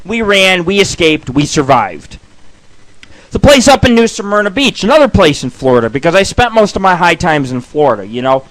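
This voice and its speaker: A man rambles through profane tales on his radio show. His voice sits high and bright, and he swears nonstop as he talks. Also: sing-song, normal speed. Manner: crude, rambling, heavy swearing. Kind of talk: profane storytelling monologue.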